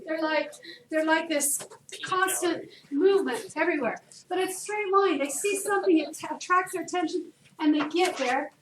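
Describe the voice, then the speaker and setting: High-voiced woman teaching chemistry. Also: normal speed. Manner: lively, chatty, asks the class questions. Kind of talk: classroom lecture. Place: classroom. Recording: echoey room, distant, noisy.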